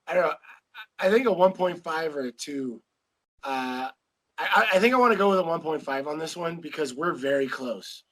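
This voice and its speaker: A man's voice: medium pitch, a bit bright, low-quality recording. A man co-hosting a casual film discussion podcast, hesitant and often repeating words as he thinks. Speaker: podcast co-host.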